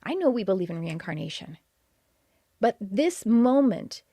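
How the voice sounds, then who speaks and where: Woman, Texas accent, live-stream host, eager, middle-pitched voice, dry close sound. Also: very animated, unhurried, warm tone, dry recording. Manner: enthusiastic, greets viewers by name. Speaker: podcast host.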